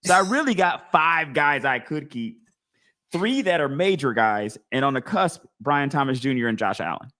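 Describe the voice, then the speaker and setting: Male host, casual live-stream chat, mid-pitched, animated, thinks aloud. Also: moderate pace. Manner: animated, talks through his choices out loud, acts out imagined crowd voices. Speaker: fantasy football league podcast host.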